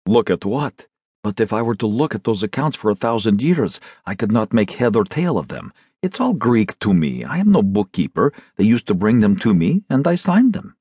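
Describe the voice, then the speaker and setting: A man's voice: sing-song, normal speed, warm tone, slightly rough, dry recording, full character voice. A man voicing a flustered male merchant in trouble, indignant and pleading, in an audiobook reading. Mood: defensive. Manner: indignant, pleading, rising to high exclamations.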